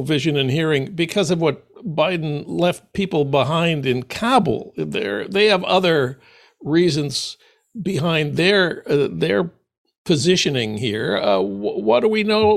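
A man hosting a political discussion, laying out the issues and asking his guest questions in an earnest, drawn-out way. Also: a little high, creaky. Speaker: host.

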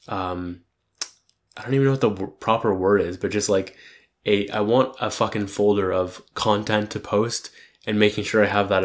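A young man with a fairly low voice reflects out loud on his week of making content. He rambles and criticizes himself, often swearing and falling back on filler words. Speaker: content creator. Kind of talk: casual weekly self-reflection monologue.

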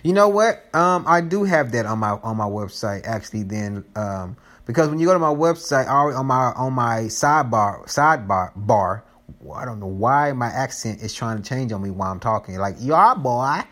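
A man's voice: medium pitch, lively intonation, a little fast, a bit bright. Loose, rambling male podcast host. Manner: loose, rambling, jokey, restarts often. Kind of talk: casual chat.

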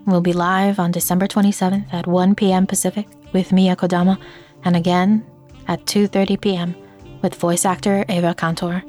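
A woman hosts a podcast, reading scripted announcements in a level, fairly low voice. She stays flat and measured, with faint music underneath. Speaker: podcast host.

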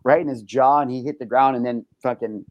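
A young man hosting a talk show, telling a wild story in a rough, profane way full of fillers and restarts. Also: medium pitch, steady tone, brisk, a little mellow, no room sound, muffled recording. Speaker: host.

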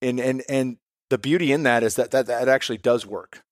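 A man's voice: medium pitch, brisk, no room sound. Candid reflective man, dry sound. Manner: reflective, candid, swears casually. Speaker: podcast guest, father. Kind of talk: casual podcast conversation.

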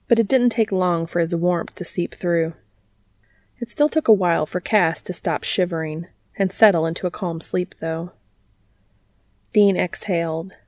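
A woman with a lowish voice narrates a story in a calm, even audiobook reading. The sound is dry and close to the mic, with no room around it. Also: no echo. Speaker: fanfiction reader.

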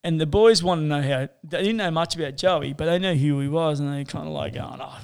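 Aussie man, slightly high, smooth and clear voice, rambling and sweary, casual storyteller. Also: a little fast, darkish tone. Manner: rambling, sweary, lots of fillers.

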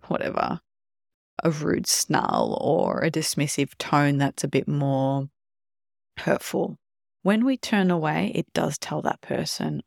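Gravelly-voiced podcast host explaining calmly. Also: mid-range voice, no room sound, clean studio sound. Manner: calm explanatory, acts out short quoted examples. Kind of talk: solo podcast talk on relationships.

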